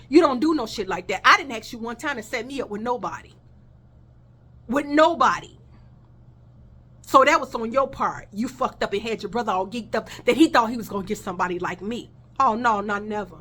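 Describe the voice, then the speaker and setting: A woman's voice: a little high, a bit bright. A woman telling a personal story in a casual vlog, blunt and heated, swearing freely and talking straight to her viewers.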